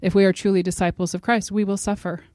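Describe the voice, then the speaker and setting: A middle-aged woman gives a devotional talk at a church gathering. She speaks earnestly and presses her points with building force. Her voice sits at an ordinary pitch and is recorded dry, with almost no room sound. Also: little pitch movement, fast, no echo. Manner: earnest and emphatic, rising to forceful exhortation.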